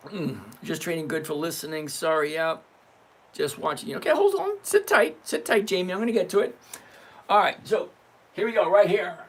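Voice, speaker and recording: A man's voice: fairly high pitch, fairly even intonation, moderate pace. A man in his sixties hosting a live trading stream, chatting casually, joking and swearing as he reads out numbers step by step. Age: 60s. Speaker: livestream trading host. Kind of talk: casual livestream teaching.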